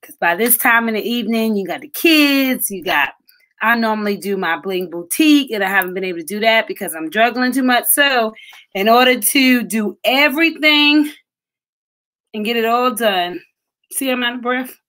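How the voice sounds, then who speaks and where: A woman's voice: a little high, animated, moderate pace, a bit bright. A woman hosting a live online show, giving chatty, encouraging motivational talk straight to her viewers and calling them honey. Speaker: livestream host. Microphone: phone or webcam livestream.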